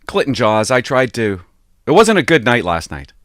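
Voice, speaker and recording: A man doing emotional vlog commentary from his motorhome, telling his story in an animated way. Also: medium pitch, normal speed, dry recording. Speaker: online commentator.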